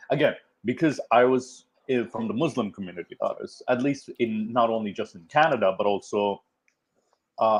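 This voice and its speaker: A man guest in a casual discussion, speaking in a reflective way as he recalls past events. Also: lowish voice. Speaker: podcast guest.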